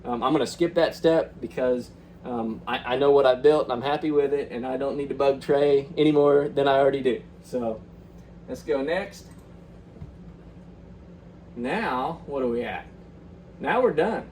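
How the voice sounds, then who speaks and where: A man's voice: mid-range voice, normal speed, long pauses, a little mellow, far from the mic, slight background noise, rough recording. A young man hosting a fishing channel, chatting upbeat through a walkthrough with lots of ums and uhs. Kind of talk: casual screen walkthrough.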